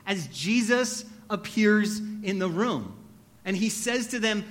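A man preaching a sermon, earnest, often dropping to soft, hushed tones. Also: high-pitched, animated, a little slow. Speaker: pastor.

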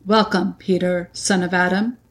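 A woman reading aloud, voicing a majestic male lion king who is calm and solemn, in a slow, grave way. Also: on the low side, natural voice. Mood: solemn, kind.

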